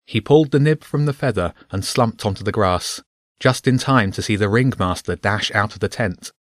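Man, audiobook narrator, low voice, measured storytelling, dry close recording. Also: dry recording.

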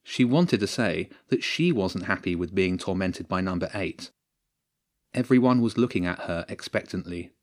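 A man narrating a children's story in a steady, measured way. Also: low-pitched.

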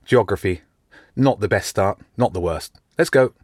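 A man's voice: fairly low pitch, moderate pace, slightly rough, dry recording. A blunt teenage schoolboy who speaks matter-of-factly, a little lifted, as a male narrator does him. The recording is close and dry.

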